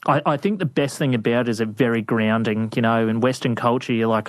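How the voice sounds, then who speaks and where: A man, a veterinarian being interviewed, telling adventure stories in a casual, animated way with lots of laughs and fillers. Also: mid-range voice, brisk, few pauses, dry recording. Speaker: guest, veterinarian. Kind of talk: storytelling interview. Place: studio.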